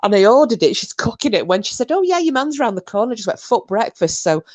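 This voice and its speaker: A woman's voice: a little high, quick pace, no echo. Brash woman telling a wild story. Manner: animated, swearing, shrieking when acting out herself. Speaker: co-host. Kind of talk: casual storytelling chat.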